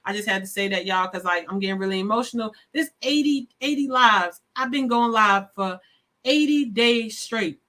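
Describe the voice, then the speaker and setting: A woman hosting a live stream, speaking warmly and effusively straight to her viewers, a little sleepy. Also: a little high, moderate pace. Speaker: live show host. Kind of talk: casual live-stream sign-off.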